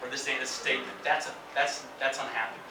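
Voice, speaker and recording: Speaking fast with little pitch movement, a medium-voiced man gives an English lesson on intonation, performing over-the-top example phrases. Background noise is present, and the distant recording echoes around the classroom.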